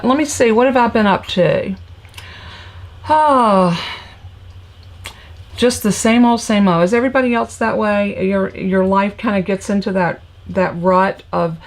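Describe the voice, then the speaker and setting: A middle-aged woman with a Southern North Carolina accent, hosting a live crafting session from her home craft room and chatting casually with viewers between steps. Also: mid-range voice. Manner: chatty, folksy, talks to viewers as y'all with many ums. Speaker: crafting livestream host. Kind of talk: casual live tutorial chat.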